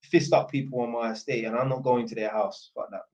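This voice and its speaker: A man's voice: mid-range voice, steady tone, fairly quick, a little mellow. A man from Northampton, talking bluntly and casually in slang as he answers viewer questions on a livestream. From Northampton, England. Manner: blunt, slang-heavy, swears freely.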